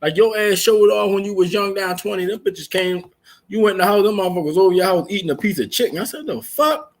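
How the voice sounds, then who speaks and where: Speaking fast in a high-sitting voice with a steady tone, a man co-hosting a casual podcast tells stories. He swears heavily and laughs while telling them.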